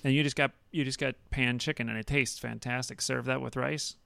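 Gravelly, profane man chatting casually. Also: medium pitch, steady tone, fairly quick, sharp tone, no room sound. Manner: rambling, profane, joking. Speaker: podcast co-host. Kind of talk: casual chat.

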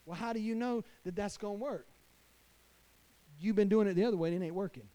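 A man pastor preaching a sermon to fathers, emphatic, swinging between hushed lines and loud declarations. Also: high-pitched, a little fast. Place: church.

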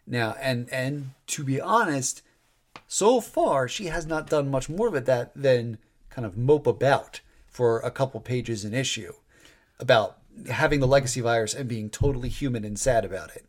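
A man's voice: mid-range voice, moderate pace. A man co-hosting a casual podcast chat. His delivery rambles and restarts, with wry asides thrown in. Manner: rambling, wry, self-interrupting. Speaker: podcast co-host.

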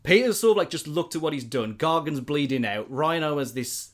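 A man's voice: fairly high pitch, expressive, fairly quick. A man, casually and animatedly retelling a film plot, rambling with lots of fillers.

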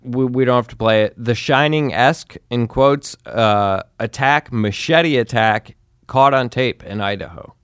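A man's voice: medium pitch, unhurried, smooth, no echo, clean studio sound. A man co-hosting a podcast, telling a story in casual chat and acting out the people in it. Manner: animated storytelling, quotes people in acted voices. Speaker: podcast co-host.

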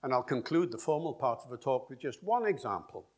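Husky male lecturer, public talk, demonstrates rhythms aloud. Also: medium pitch, sing-song, brisk.

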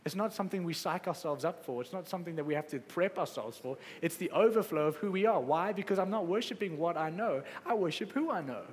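A man's voice: sits high, lively intonation, fast talker, few pauses. Fervent preacher man in a reverberant hall. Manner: passionate, rising to exclamations then dropping soft. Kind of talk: sermon.

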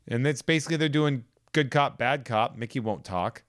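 A man's voice: mid-range voice, moderate pace, a bit bright, no room sound, studio quality. A man co-hosting a podcast, retelling a story in a loose, joking way and swearing freely. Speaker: podcast co-host. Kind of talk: casual comic plot recap.

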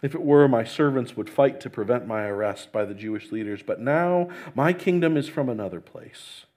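Calm accused male teacher, steady measured answers, read by a preacher. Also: mid-range voice, natural voice.

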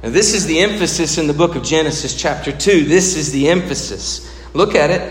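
A man with a high voice preaches a sermon in a large hall, and the long reverb trails after his words. He swings between raised emphasis and hushed, drawn-out low passages. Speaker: pastor.

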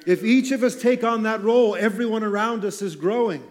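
On stage in a church, a man with a high voice delivers a sermon at a brisk clip. He's a pastor, speaking casually and slipping in jokes along the way.

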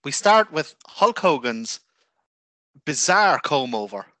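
A man's voice: a little high, slow, no echo. A man co-hosting a radio chat, joking and poking fun at himself. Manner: jokey, self-mocking, lively reactions. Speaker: radio co-host. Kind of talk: casual chat.

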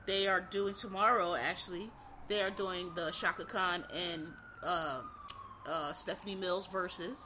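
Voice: medium pitch, fairly even intonation, a little slow, background noise. A vlogger from Philadelphia with a Philadelphia accent, rambling casually and profanely to viewers as "y'all".

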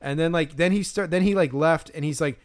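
A man's voice: fairly high pitch, a little fast. A man co-hosting a podcast, telling a story in casual chat with lots of fillers and restarts. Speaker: podcast co-host.

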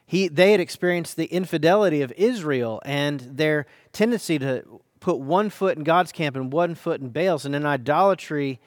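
An American man, a pastor, delivering a sermon with earnest, dynamic emphasis, slowing down to stress key phrases. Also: fairly high pitch, dry recording, clean studio sound.

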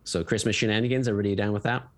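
A man's voice: lowish voice, fairly even intonation. A middle-aged man co-hosting a podcast, teasing the others in casual banter. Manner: teasing, quick to laugh. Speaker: podcast co-host.

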